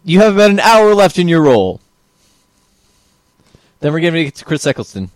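A man adds dry, knowing fan trivia as the film plays. His voice sits a little high with a lively lilt, and it is recorded close and dry with no room sound. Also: fairly quick, no echo. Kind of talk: joking commentary over a film.

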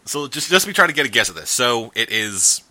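A man's voice: medium pitch, big pitch swings, a little fast, sharp tone. A man hosting a casual podcast, trading sarcastic jokes with his co-host. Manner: joking, sarcastic banter.

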